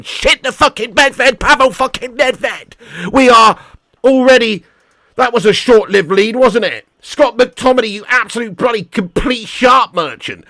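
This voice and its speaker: Excitable sweary man hosting a watch-along. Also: high voice, dry recording, clean studio sound. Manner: swears a lot, excitable, chats to viewers. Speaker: football watch-along host. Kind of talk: live match watch-along commentary.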